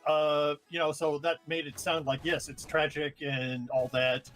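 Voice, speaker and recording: A man with a slightly raised pitch tells the story as a guest on a casual stream. He speaks in a measured way, pausing on "uh" often. Faint music plays underneath. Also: level tone, fairly bright tone, poor audio. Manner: measured storytelling with many fillers.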